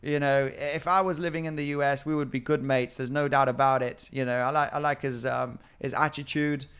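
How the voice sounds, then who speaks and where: A man's voice: medium pitch, steady tone, fairly quick, fairly bright tone, clean tone. A man hosting a casual live stream about crypto trading, chatting with viewers and often repeating his words.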